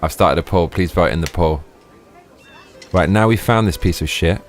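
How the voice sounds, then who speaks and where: A man's voice: sits low, moderate pace, faint music behind. A man streaming a game live, chatting casually, swearing freely and laughing often. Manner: profane, exclamatory, laughs often.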